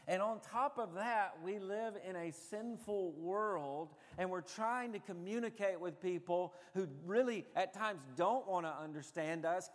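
A pastor with a high-pitched voice preaches a sermon, telling stories conversationally with frequent fillers. A long reverb tail follows his speech.

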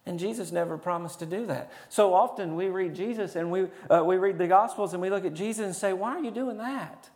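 A man preaching a sermon as a pastor, swinging between loud proclamation and hushed, intense passages. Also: sits high, fast talker, few pauses.

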